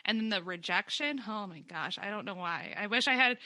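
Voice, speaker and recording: A woman's voice: medium pitch, expressive, a little fast, sharp tone, dry recording. A young adult woman hosting a podcast interview, talking in a casual, rambling way with many fillers. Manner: chatty and rambling, with frequent fillers and laughs. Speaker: podcast host.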